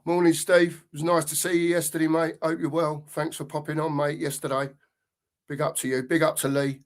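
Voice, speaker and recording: A man's voice: fairly high pitch, flat delivery, fairly quick. A middle-aged man hosting a live football stream, ranting angrily and swearing, often repeating himself. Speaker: podcast host.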